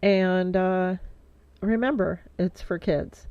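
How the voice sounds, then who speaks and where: A woman's voice: fairly low pitch, steady tone, slow pace, dark tone, smooth, dry recording. A middle-aged woman vlogging in a casual heartfelt monologue, rambling with lots of fillers, stuffy-nosed and teary. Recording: dull lo-fi dry sound.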